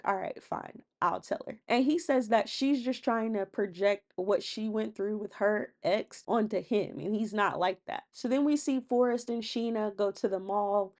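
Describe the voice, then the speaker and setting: A woman casually retelling a reality show episode, chatty and quick, leaning on "and she was like" quotes. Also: mid-range voice, a little mellow. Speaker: recap host. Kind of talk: casual reality TV recap narration.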